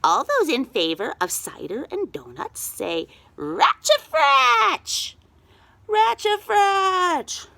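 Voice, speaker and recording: A cackling, squawking old witch from a storybook, high and shrill. Her voice leaps about wildly and sounds sharp and bright. She chants her spells and commands in a slow, drawn-out way. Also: huge pitch swings, no echo, full character voice. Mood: bossy squawk.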